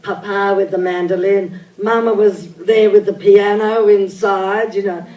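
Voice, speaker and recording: An older woman, telling childhood stories in an animated, theatrical way at a live on-stage interview. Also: mid-range voice, unhurried, highs cut off. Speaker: interview guest. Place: event venue with audience. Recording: echoey hall, mic at a distance.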